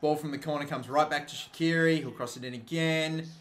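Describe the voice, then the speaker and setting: A young man with a high voice calls a football match as a passionate fan. He talks fast, swears freely and vents his frustration at every missed chance. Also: steady tone. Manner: swearing, frustrated outbursts and shouted goal reactions. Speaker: gaming YouTuber commentating a football match. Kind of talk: excited fan commentary over game highlights.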